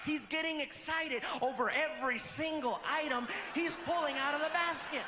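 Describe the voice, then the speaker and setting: A man telling a stand-up story, animated and acting out voices. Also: extremely high pitch, moderate pace, in a large hall, very noisy. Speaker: stand-up comedian.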